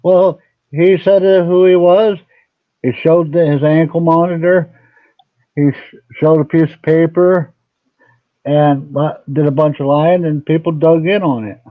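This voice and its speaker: A laid-back man hosting a casual chat, tossing in short agreeing replies. His voice is a bit high, and it comes through a thin, phone-like line with a dry sound. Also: steady tone, a little slow, no echo.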